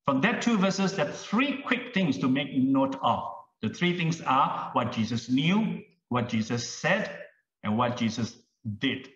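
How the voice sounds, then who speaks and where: A man preaching a sermon as pastor, slow and emphatic, with dramatic pauses. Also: medium pitch, expressive, fairly bright tone, far from the mic. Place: church sanctuary. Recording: roomy, dull sound from off-mic in a church hall.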